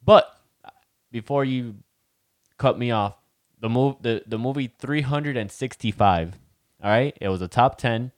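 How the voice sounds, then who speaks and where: A man's voice: mid-range voice, a little slow, pauses often, dry recording, clean studio sound. A young man co-hosting a podcast in casual chat, swearing freely and dropping Spanish phrases into his talk. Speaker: podcast co-host.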